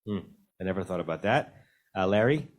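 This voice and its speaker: Over a video call, a male rabbi runs a synagogue Bible study as a conversational discussion, naming participants and giving thoughtful answers to their questions. His voice is low, briskly paced and full of lively intonation.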